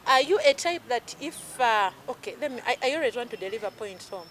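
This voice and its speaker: A woman in her thirties with a Ugandan accent, an emotional healing coach in casual chat, talking in an animated way and mixing in Luganda phrases. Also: on the high side, a little fast, a little hiss or hum.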